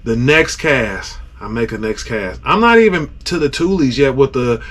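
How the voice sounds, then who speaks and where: A man hosting a podcast, telling a story in a casual, animated way, with sound effects and lots of "like". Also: medium pitch, normal speed, background noise.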